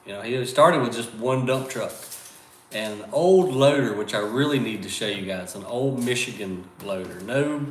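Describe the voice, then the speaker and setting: A man in his forties with a Southern US drawl, hosting a casual livestream chat in a relaxed, drawn-out way. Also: medium pitch. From American South. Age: 40s. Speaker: channel host. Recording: echoey room with faint noise.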